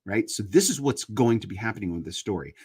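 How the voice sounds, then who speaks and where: A man's voice: lowish voice, animated, quick pace, darkish tone, breathy edge. A man in his fifties hosting a casual live chat, talking earnestly and building into emphatic preaching. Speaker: online show host.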